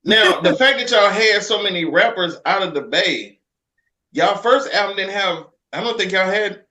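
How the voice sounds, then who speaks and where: A man hosting a podcast interview, loose and joking, with lots of quick agreements and laughs. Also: high voice, lively intonation, bright, forceful tone. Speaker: podcast host. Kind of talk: casual interview chat.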